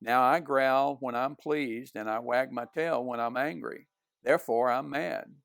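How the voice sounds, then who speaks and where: A teasing, grinning storybook cat, as a man reads it aloud. It speaks in a dry, matter-of-fact way, with a gravelly edge and close, dead-dry sound. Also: mid-range voice, a little slow, a bit bright, no echo.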